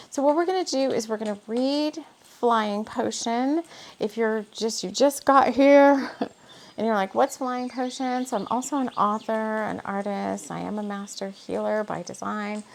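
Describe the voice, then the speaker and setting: A fairly high-pitched woman with a gravelly, fry-tinged voice, chatting casually as a spiritual host. She rambles, laughs often and fills pauses with "um" and "you know" while drawing tarot cards. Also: a little hiss or hum.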